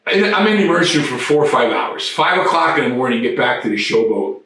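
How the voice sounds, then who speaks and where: A man guest telling rough, profane stories in an animated way, often restarting and repeating his words. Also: mid-range voice, quick pace. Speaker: interview guest. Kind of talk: casual storytelling. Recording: echoey room, distant mic.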